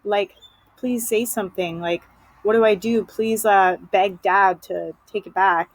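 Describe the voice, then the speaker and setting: A woman's voice: medium pitch, steady tone, unhurried, no room sound, rough recording. A woman voicing a desperate teenage girl pleading for help, in her own voice.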